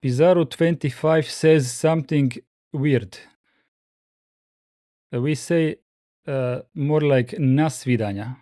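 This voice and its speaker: A man hosting a casual livestream at home. He reads viewer comments aloud in relaxed, halting English with frequent pauses. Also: on the high side, no echo, clean studio sound. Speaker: livestream host.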